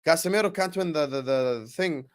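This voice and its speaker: A young man hosting a live football watchalong, chatting with viewers and calling the play with slangy, excitable banter. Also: a little high, normal speed. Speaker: watchalong streamer.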